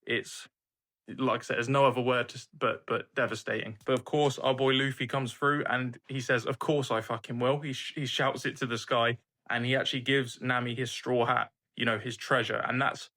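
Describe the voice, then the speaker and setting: A man's voice: medium pitch, flat delivery, normal speed, sharp tone. A young man hosting an anime reaction channel, recapping an episode in an earnest, emphatic casual way, swearing freely.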